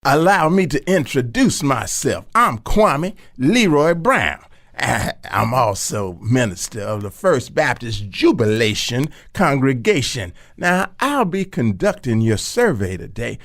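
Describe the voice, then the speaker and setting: Brisk preacher running a survey, played by a man, officious patter, voice leaping around. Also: medium pitch, very animated, a bit bright, full character voice. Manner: officious quiz-master patter. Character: male minister running a mock survey, brisk.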